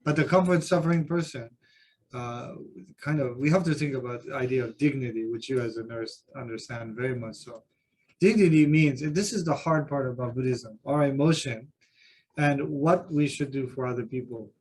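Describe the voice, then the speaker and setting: A man's voice: medium pitch, moderate pace, darkish tone, a little hiss or hum. Man telling stories in a discussion. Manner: anecdotal, self-deprecating storytelling. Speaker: Buddhist teacher. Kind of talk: group discussion. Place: seminar room with a group.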